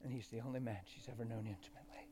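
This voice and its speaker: A man preaching a sermon, dropping to hushed whispers and rising to loud, emotional exclamations. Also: mid-range voice, steady tone, rapid-fire, slight background noise. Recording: long hall reverb with faint music.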